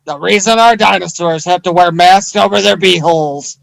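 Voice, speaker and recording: Man, high gravelly voice, deadpan joke news, dry sound. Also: moderate pace, no echo, low-quality recording. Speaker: podcast co-host. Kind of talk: reading joke news segment.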